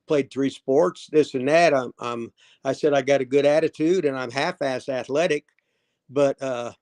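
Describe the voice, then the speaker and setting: An older man, a former wrestler, telling rambling stories in casual chat, laughing often and swearing. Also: on the high side. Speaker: former pro wrestler, guest.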